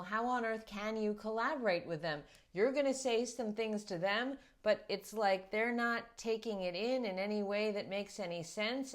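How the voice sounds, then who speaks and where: A middle-aged woman parenting coach giving earnest, reflective advice and explaining her points through stories. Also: medium pitch. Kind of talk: talking-head advice video.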